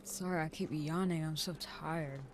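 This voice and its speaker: A woman's voice: low-pitched, fairly even intonation, normal speed. A woman giving chatty, reactive commentary while playing a video game. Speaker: gameplay streamer. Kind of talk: casual gameplay commentary.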